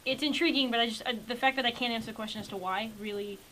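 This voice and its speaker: A woman's voice: a little high, rapid-fire, fairly bright tone, slight background noise, low-quality recording. A woman co-hosting a movie podcast in casual chat, steering the segments and murmuring agreement. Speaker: podcast co-host.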